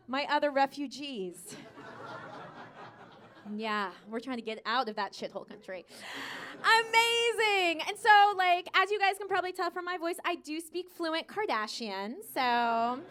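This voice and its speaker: Working a handheld mic on a comedy stage in front of a live audience, an American stand-up comic delivers brash, profane, valley-girl material. Her voice is high-pitched and fairly bright, with slight background noise.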